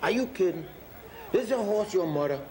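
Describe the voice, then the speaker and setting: A man's voice: high voice, lively intonation, normal speed, some chatter behind. A man playing a nervous, naive, stammering sidekick in a stage comedy sketch. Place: stage before a live audience. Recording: live show with loud audience and noise.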